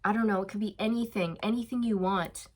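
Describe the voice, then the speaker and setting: Giving an easygoing tarot reading, this woman speaks in a medium-pitched, steady, slightly mellow voice. She fills her talk with fillers and light laughter, staying encouraging and slowing down to stress reassurances.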